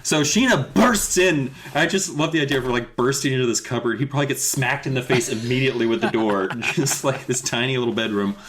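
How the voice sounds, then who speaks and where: A man's voice: medium pitch, brisk, few pauses, noisy background. A man co-hosting a casual podcast, retelling a kids' book with sarcasm and frequent swearing. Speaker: podcast co-host.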